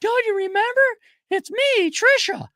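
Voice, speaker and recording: A woman's voice: very high voice, expressive, a little slow, fairly bright tone, no room sound, clean studio sound, voice pushed up, exaggerated voice. A man putting on a chirpy faded ex-girlfriend. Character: faded middle-aged woman, chirpy ex-girlfriend.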